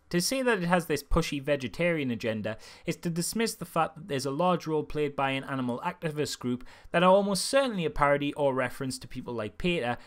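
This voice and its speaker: Man, young adult, film reviewer, casual comedic monologue, sarcastic, animated asides. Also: mid-range voice.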